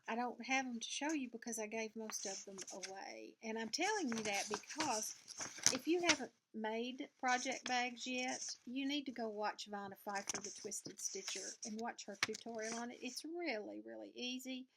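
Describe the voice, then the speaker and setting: A woman's voice: a little high, background noise. Older woman, Southern US accent, folksy and rambling, casual chat to camera, home sewing room. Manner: rambling, folksy, chatty with fillers and asides. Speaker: cross-stitch vlogger.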